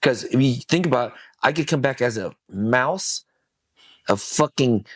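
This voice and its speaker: A man's voice: mid-range voice, expressive, a little slow, no echo. Emphatic man telling his story, dry sound. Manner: intense, emphatic, swears freely. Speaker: podcast guest. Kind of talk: personal testimony storytelling.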